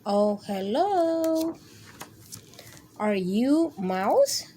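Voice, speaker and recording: A woman's voice: big pitch swings, drawn-out words, warm tone, slight background noise, heavily acted. A woman voicing a brave, curious little male kitten who politely asks around in a storybook tale. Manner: high, eager, questioning.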